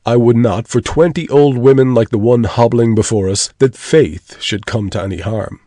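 A man voicing a calm, mocking old devil disguised as a traveller, speaking in a measured way. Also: medium pitch, no echo, clean studio sound, close to an everyday voice. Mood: amused.

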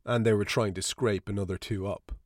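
A man's voice: lowish voice, steady tone, darkish tone, no echo, studio quality, close to an everyday voice. A man voicing an older male doctor who lectures in a composed, persuasive way. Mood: lecturing. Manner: lecturing, brisk and emphatic.

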